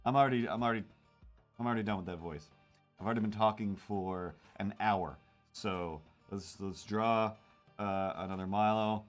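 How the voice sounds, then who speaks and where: A man's voice: lowish voice, normal speed, soft background music. Rambling man chatting on a drawing stream. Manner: rambling, self-mocking, lots of fillers. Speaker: cartoonist streamer. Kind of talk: casual livestream chat while drawing.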